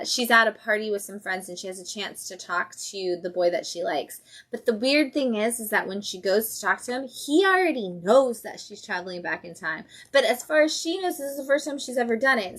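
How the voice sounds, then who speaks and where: A woman's voice: medium pitch, a bit bright. A woman hosting a casual livestream, chatting enthusiastically about new comics and acting out characters' lines. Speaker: comic shop host.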